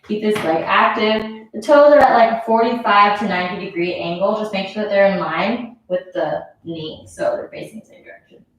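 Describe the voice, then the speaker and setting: A woman's voice: mid-range voice, normal speed, few pauses, slight background noise. A woman leading a yoga class, out of breath as she gives casual, encouraging cues and counts down the breaths. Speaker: yoga instructor. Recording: very echoey room, mic far off.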